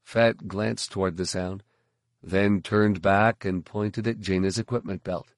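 A man reading a science fiction novel aloud, with measured, steady storytelling. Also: low voice, dry recording, studio quality. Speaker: audiobook narrator. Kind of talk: scripted narration.

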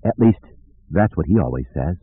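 A man's voice: sits low, animated, normal speed, breathy edge, dry recording. A man voicing a wry young male Jedi trainee with a dry delivery. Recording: dry tinny phone-like audio.

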